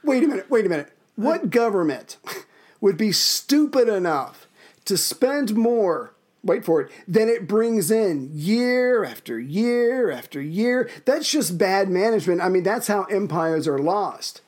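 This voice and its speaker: A man's voice: high voice, lively intonation, unhurried, darkish tone. Dry-witted man bantering on a podcast. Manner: dry, wry, mock-serious humor. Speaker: history podcast co-host.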